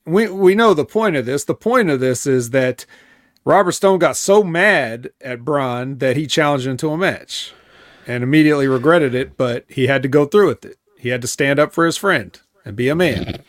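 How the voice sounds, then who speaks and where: A man hosting a wrestling podcast, recapping a show in a hesitant way with many pauses and fillers. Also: medium pitch, expressive, dry recording, clean studio sound. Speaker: podcast host. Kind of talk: casual wrestling show review.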